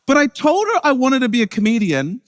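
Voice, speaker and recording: Lively New man telling jokes. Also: extremely high pitch, clean studio sound. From New Zealand. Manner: joking, self-interrupting storytelling. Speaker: keynote speaker, comedian. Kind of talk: comic keynote speech. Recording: long hall reverb.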